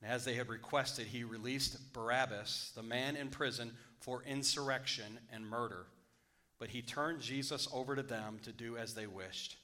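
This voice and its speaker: Preaching a sermon, a man first reads from scripture, then expounds on it at a moderate pace in a mid-range voice. He swings between hushed tones and loud passages, repeating important phrases to drive them home.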